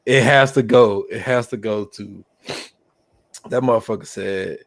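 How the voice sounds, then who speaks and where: A man co-hosting a podcast who retells movie scenes casually and excitedly, often laughing. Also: fairly low pitch, unhurried, no echo. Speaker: podcast co-host. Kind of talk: casual movie recap chat.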